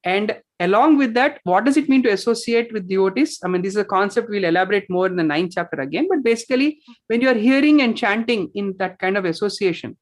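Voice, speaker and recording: A woman's voice: mid-range voice, lively intonation, fast, few pauses. A woman teaching scripture and yoga, patiently explaining with simple examples and checking in with "right?".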